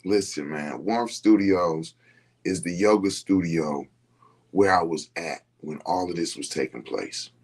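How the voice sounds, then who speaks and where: A man with a deep, husky voice shares a personal story with his audience at a measured pace. His casual telling is loose and conversational, full of repetition and frequent checks that listeners are following him.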